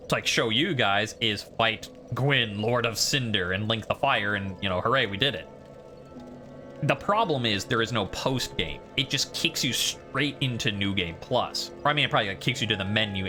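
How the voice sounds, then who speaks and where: A man's voice: fairly low pitch, animated, moderate pace, music in the background. A man streaming a video game, giving casual, rambling commentary and poking fun at himself. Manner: rambling, self-deprecating.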